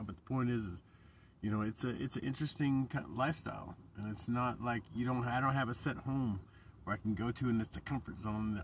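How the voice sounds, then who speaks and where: A man with a husky, slightly breathy voice talks to his viewers in a loose, meandering monologue. He swears freely, gets passionate, and often breaks off mid-sentence to start over. His voice sits a little away from the mic. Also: medium pitch, a bit bright, distant mic. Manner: passionate, profane, meandering with frequent restarts. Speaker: vlogger. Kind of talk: casual rambling monologue to camera.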